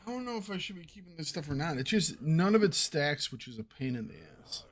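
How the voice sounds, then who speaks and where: A man streaming an online game, talking to himself in a relaxed, offhand way as he plays. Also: a little high, fairly quick, slight background noise. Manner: relaxed, muttering to himself while playing. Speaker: gaming streamer. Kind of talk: casual gameplay commentary.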